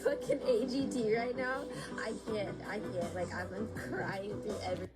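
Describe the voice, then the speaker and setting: A woman's voice: medium pitch, moderate pace, darkish tone. A woman talking casually and emotionally to her phone camera, gushing and swearing freely, heard in a clip played back over music. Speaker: social media poster in played clips. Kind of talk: casual selfie video talk.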